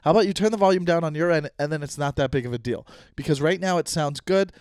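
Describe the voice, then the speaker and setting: Thirties male solo podcaster, chatty and self-deprecating, a touch high-pitched, dry booth sound. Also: fast, a little mellow, smooth, no room sound. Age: 30s. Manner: rambling, self-mocking, talks to himself. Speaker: podcast host. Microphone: studio mic.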